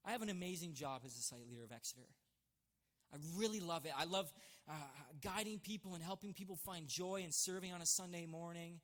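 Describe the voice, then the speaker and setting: A man giving an emotional personal testimony as a church site leader, earnest and halting with frequent restarts. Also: high-pitched, a bit bright, big-room sound. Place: church stage.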